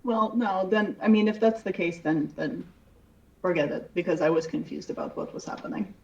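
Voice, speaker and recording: A woman's voice: fairly low pitch, huge pitch swings, moderate pace, creaky, a little mellow, a little hiss or hum. A woman playing a tabletop game online, hesitant and thinking aloud. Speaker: player. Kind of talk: casual tabletop play. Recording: distant, dull online mic.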